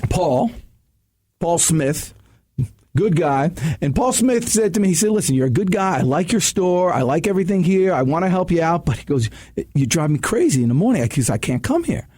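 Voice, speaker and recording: A middle-aged man giving sales advice in a radio studio, telling stories in an energetic, emphatic way with quick bursts and restarts. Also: fairly high pitch, slightly rough. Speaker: sales coach guest. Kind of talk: casual radio chat, storytelling.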